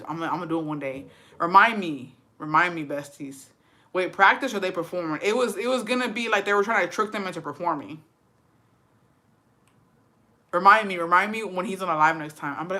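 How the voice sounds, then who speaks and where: Woman on a stream chatting loose and cussing a lot, bright sharp voice. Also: on the low side, a little fast. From Texas. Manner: profane, animated, mixes English and Spanish. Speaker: livestream host. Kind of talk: casual chat reacting to viewer stories.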